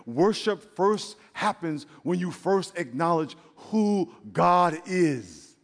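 High-voiced animated pastor in a big hall. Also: male voice, slow, few pauses. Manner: animated, jokey, acts out voices, addresses the congregation as y'all. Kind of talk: sermon. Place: church. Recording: long reverb of a large hall.

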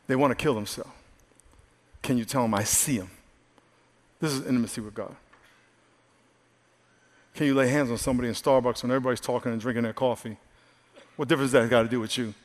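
A male pastor preaching a sermon, swinging from loud exclamations to hushed, earnest asides. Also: mid-range voice. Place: large church hall. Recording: live sermon with hall reverb and faint music.

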